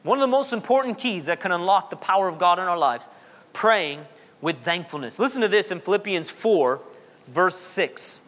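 Male pastor, high bright voice, playful sermon delivery with repeated words, reverberant hall. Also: lively intonation, moderate pace. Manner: jokey, repeats words, reads funny kids' prayers.

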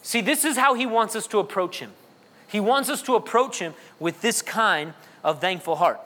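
A pastor preaching an animated sermon. His voice sits high and rises and falls sharply, from loud peaks to low asides. It carries a long reverb from a large church hall. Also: normal speed.

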